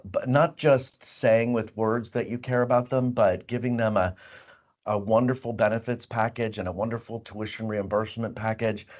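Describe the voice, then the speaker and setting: A man's voice: fairly low pitch, fairly even intonation, moderate pace, muffled recording. A middle-aged man, a company head, hosting a casual hot sauce chat and rambling a little as he talks. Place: company office.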